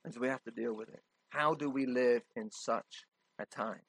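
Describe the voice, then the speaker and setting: A man's voice: medium pitch, normal speed, a bit bright, breathy edge, low-quality recording. A man preaching a sermon in a conversational, emphatic way, often checking in with his listeners.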